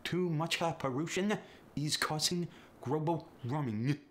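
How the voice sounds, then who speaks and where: A man's voice: a little high, a little slow, a little hiss or hum. A man repeating phrases hesitantly, with many filler sounds. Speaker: accent demonstrator.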